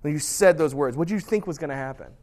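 A man's voice: a little high, fast, darkish tone. A man preaching a sermon in a conversational storytelling way, often checking in with his listeners. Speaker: pastor.

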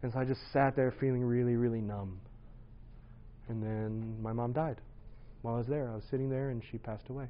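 A man in his thirties shares his testimony in an earnest, conversational way. His voice sits at an ordinary middle pitch, and the recording sounds a bit dull and lo-fi. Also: fairly even intonation, brisk, a little hiss or hum. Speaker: speaker sharing his testimony. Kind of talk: personal testimony talk.

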